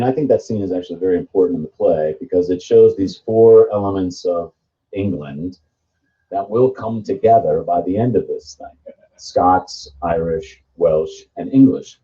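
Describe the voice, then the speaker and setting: Low-voiced director, muffled recording. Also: male voice, mellow. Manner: thoughtful, explanatory, with fillers. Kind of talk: seminar discussion.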